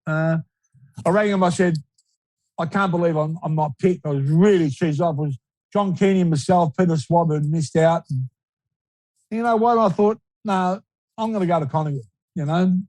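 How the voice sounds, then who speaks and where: A man's voice: fairly high pitch, moderate pace, long pauses, darkish tone, dry recording, low-quality recording. A man in his sixties with an Australian accent, a retired footballer telling stories in a casual, rambling interview style. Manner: rambling, repeats words, laughs easily.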